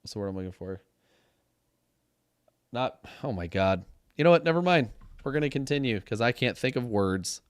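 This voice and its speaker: A man's voice: medium pitch, expressive, moderate pace, pauses often, no echo, clean studio sound. A man co-hosting a casual gaming chat show, rambling and sometimes losing his words mid-sentence. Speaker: podcast co-host. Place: home studio.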